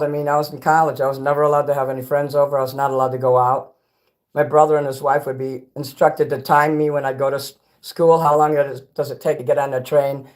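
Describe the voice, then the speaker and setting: A man's voice: on the high side, darkish tone. Chicago guy rambling on a livestream, reads chat, chews between lines, blunt and sweary. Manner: talks while eating snacks.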